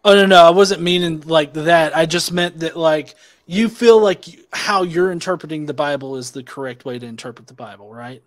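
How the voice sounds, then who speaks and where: A man's voice: fairly high pitch, normal speed, few pauses, dry recording. A man debating online, probing with questions, hesitant with many restarts and fillers. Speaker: atheist debater.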